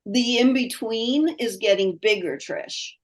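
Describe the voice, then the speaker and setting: A woman hosting a spiritual podcast, talking with a client over a video call in a slow, searching way that trails off between phrases. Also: a little high. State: tearful, crying. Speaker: spirit messenger, podcast host. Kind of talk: spiritual conversation, channeling.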